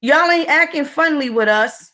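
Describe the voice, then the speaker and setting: A woman's voice: high-pitched, moderate pace, sharp tone. A woman giving a profane, repetitive livestream commentary, speaking in a confrontational way.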